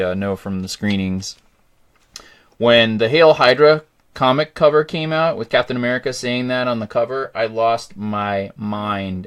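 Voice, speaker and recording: A middle-aged man hosting a casual movie chat, excitable and rambling. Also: fairly low pitch, smooth. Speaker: podcast host.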